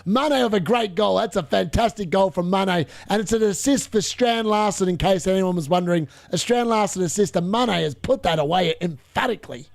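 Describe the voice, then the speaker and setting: A young man commentating live on football matches for a fantasy football stream, chatting along and bursting into shouts at near misses. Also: high-pitched, a little fast, vocal fry, hardly any pauses. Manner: chatty, muttering asides between reactions.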